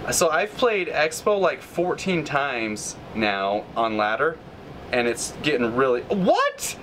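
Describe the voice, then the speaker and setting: A man's voice: expressive, a little slow, a bit bright, slight background noise, low-quality recording. Frustrated man ranting over gameplay. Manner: frustrated ranting, jumps from pitch spikes to low mutters. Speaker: gaming channel host. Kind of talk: live gameplay commentary.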